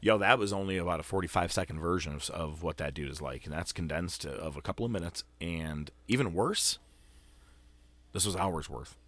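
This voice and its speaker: A man hosting a wrestling podcast, telling a profane, animated story and acting out what people said. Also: low voice, normal speed, slight background noise. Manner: profane, animated, acts out quotes. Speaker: podcast host. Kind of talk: casual storytelling chat.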